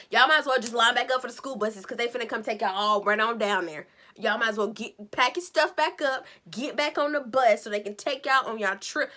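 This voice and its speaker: Woman doing a show recap, sassy and animated, bright voice pitched kinda high. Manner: animated, sassy storytelling with acted-out quotes. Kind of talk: casual chatty episode recap.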